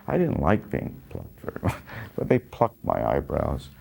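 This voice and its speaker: The older man's voice rumbles low, creaky and darkish, swinging hugely in pitch at a measured pace. Remembering a film he acted in, he tells a meandering story, interrupting himself and chuckling.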